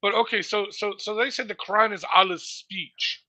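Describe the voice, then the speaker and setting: A man on an online discussion panel, animated and firing off rhetorical questions. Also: sits high, moderate pace, dry recording, rough recording.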